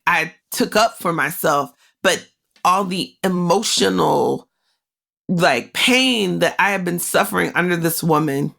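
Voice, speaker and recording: A woman's voice: on the low side, creaky, fairly bright tone. A woman podcast host telling a personal story in a candid, emotional way and speaking straight to her listeners. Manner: conversational, with many "like" fillers.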